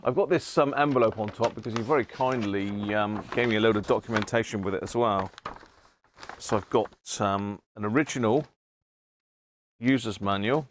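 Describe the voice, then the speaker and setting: Chatting casually on his live stream, a middle-aged British radio restorer greets viewers by name and chuckles frequently. He speaks at a normal speed in a voice on the low side, with background noise in the recording.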